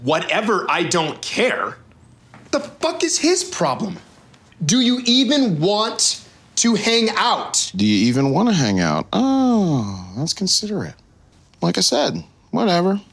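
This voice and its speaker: A man's voice: a little high, animated, a little slow, gravelly, fairly bright tone, heavily acted. A man acting out two annoyed young men texting each other in a comic skit reenactment, snippy and exaggerated.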